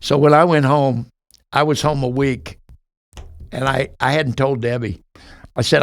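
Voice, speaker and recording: A man's voice: medium pitch, fairly even intonation, normal speed, gravelly, pauses often, dry recording, clean studio sound. A man in his sixties, a podcast guest telling his life story earnestly, acting out the dialogue he recounts.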